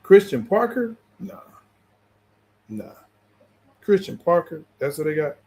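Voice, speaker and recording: A man talking sports with a co-host in loose, casual banter, his voice sitting a little higher than most men's. He is blunt and teasing, laughing easily as he trades jabs and pushes his takes. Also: big pitch swings, takes it slowly, vocal fry, a little mellow.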